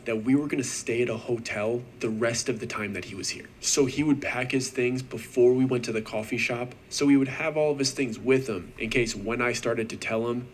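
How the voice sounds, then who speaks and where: A young man recounts his own story in a steady, earnest voice at a middle pitch. He talks casually, dropping in slang while keeping the telling tense and even. A faint hiss sits under him. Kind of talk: first-person story narration.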